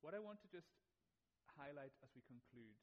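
A middle-aged pastor delivers a sermon in a fairly high voice. He talks earnestly, with a plain and personal tone, and leans into repeated phrases when he wants to drive a point home. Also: animated, moderate pace, dull audio. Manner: earnest, builds from quiet reflection to emphatic repetition.

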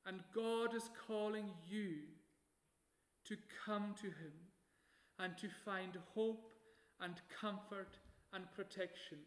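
A man preaching a sermon, measured and emphatic, slowing down to stress key phrases. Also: high-pitched, steady tone, reverberant.

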